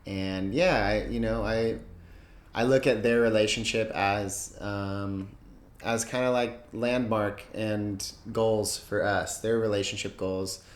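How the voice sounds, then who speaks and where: Laid-back young man, echoey room. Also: on the low side. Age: young adult. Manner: relaxed and unhurried, with pauses and fillers. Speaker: vlogger's fiancé. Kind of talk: casual chat. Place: indoors, sitting down.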